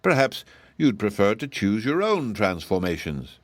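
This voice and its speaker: A man voicing a cruel, scornful giantess sorceress in an audiobook, speaking slowly and mockingly. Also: on the low side, sing-song, no echo. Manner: slow, mocking and menacing.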